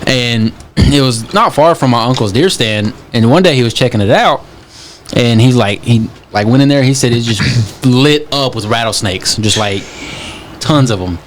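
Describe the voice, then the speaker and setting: A young man from Texas, co-hosting a podcast, telling stories in a slow, relaxed way with many fillers. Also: mid-range voice, a little hiss or hum. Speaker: podcast co-host. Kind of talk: casual storytelling chat.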